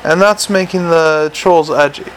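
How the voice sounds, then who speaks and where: A man's voice: a little high, unhurried, a little hiss or hum, natural voice, low-quality recording. A man doing a plodding earnest old sergeant. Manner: earnest, plodding, working-class slang. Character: slow, stolid, sweaty older male sergeant. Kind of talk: audiobook character reading.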